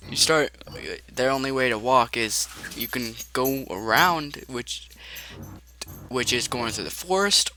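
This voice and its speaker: A man running a role-play game as narrator, playful and quick to put on silly voices. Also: medium pitch, pushed and bright, a little hiss or hum. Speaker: game master.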